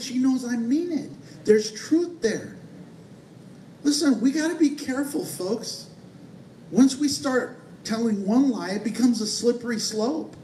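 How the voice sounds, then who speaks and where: A man's voice: very high-pitched, normal speed, darkish tone. A man pastor, preaching a sermon in a conversational way with playful asides. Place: church sanctuary. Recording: echoey church hall from far off.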